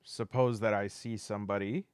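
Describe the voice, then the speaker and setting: A man with a Southern US accent playing a solo tabletop game aloud, relaxed and thinking aloud as he goes. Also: lowish voice, normal speed, clean tone, no room sound.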